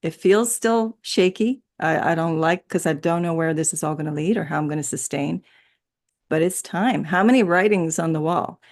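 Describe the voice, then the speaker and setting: Interview guest, woman, somewhat low pitch, loose rambling delivery with frequent laughs. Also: normal speed. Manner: rambling, laughs often, many restarts. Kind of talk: casual spiritual chat.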